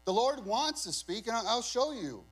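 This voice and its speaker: A man's voice: very high-pitched, big pitch swings, normal speed, fairly bright tone, poor audio. A male pastor preaching a sermon in a conversational, emphatic way, often asking the congregation questions.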